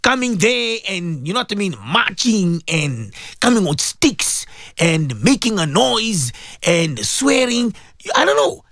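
South african guy on talk radio, high gravelly voice, lots of repeating himself, clears his throat a lot. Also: very animated, slow pace, a bit bright, no echo, studio quality. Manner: emphatic and repetitive, with frequent filler sounds and throat clearing. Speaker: radio talk show host. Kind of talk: impassioned radio commentary.

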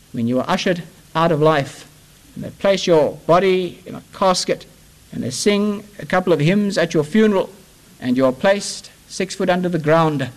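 A man preaching a sermon with passion, swinging between urgent raised pleas and low hushed words. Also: animated, normal speed, low-quality recording.

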